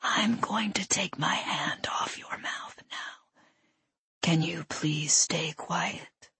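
Whispered role-play, a lady doing a creepy masked guy, calm polite threats, breathy and airless. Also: fairly high pitch, takes it slowly, heavily acted. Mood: menacing whisper. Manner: soft, calm, coldly courteous threats. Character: menacing masked male intruder, eerily polite whisperer.

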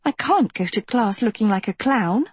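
A woman's voice: on the high side, lively intonation, normal speed, husky, no room sound. A woman voicing a vain, self-absorbed teenage girl who fancies herself a princess, sugary and bossy. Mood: fretful.

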